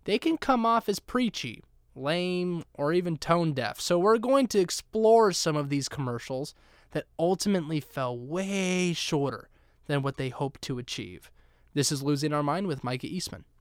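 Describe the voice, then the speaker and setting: A young man hosting a solo podcast, talking in a playful, sarcastic and animated way. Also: a little high, moderate pace, smooth, dry recording, clean studio sound. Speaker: podcast host.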